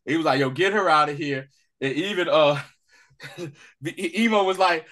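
Man, podcast co-host, casual recap chat, bright voice, slightly high, animated, acts out scenes. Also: moderate pace.

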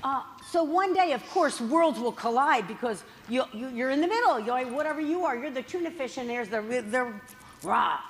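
A woman's voice: high-pitched, normal speed, a little hiss or hum. Chatty middle-aged woman in a reverberant hall. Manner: chatty, animated, acts out family dialogue. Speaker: author speaking at a book festival. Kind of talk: humorous storytelling talk. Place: large festival hall.

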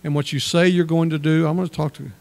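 A man's voice: fairly high pitch, steady tone, quick pace, creaky, darkish tone. A male pastor preaching a sermon in a church, reading scripture aloud and then explaining it in plain words. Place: church sanctuary.

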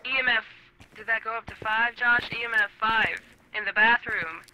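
A woman playing along as a guest co-player, chatty, excitable and quick to poke fun at herself. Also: on the high side, a little hiss or hum, poor audio. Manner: chatty, excitable, self-mocking. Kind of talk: casual gaming chat.

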